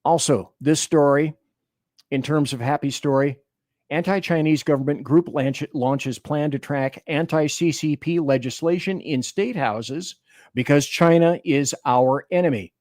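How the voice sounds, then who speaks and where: A man's voice: on the high side, a little slow, a little mellow, dry recording, studio quality. A man hosting a political talk radio show, delivering emphatic commentary and reading listener chat aloud. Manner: emphatic, declamatory.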